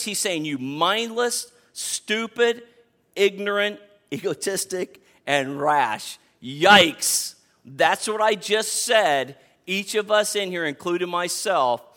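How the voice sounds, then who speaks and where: A male pastor in his fifties delivers a sermon in a fairly high, animated voice. He leans hard on key words and repeats himself for emphasis as he drives each point home. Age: 50s.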